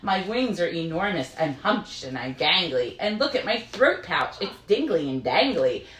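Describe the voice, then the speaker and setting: A woman's voice: fairly low pitch, sing-song, moderate pace, fairly bright tone, far from the mic. A woman voicing a grouchy old marabou stork who grumbles proudly about being a slob, in an echoey room. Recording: roomy echo.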